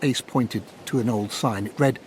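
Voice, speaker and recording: A man reading a story aloud as an audiobook narrator, with expressive storytelling delivery. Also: normal speed, a little hiss or hum. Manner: expressive reading, voices characters in high put-on tones.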